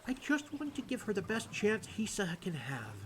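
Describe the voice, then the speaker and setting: A man putting on a high, fretful village woman. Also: huge pitch swings, normal speed, a little hiss or hum. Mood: fretful, earnest.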